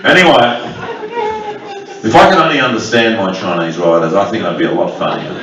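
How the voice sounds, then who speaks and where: A man's voice: fairly low pitch, a little fast, muffled recording, very noisy. A man with an Australian accent doing profane stand-up crowd work on a club stage, needling audience members. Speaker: stand-up comedian. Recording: echoey club, far mic, loud crowd laughter.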